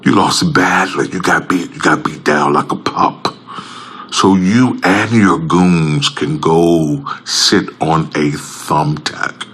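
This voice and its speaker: A man speaking in an impassioned public address, emphatic and repetitive, swinging between loud outbursts and low tones. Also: slow pace, breathy edge.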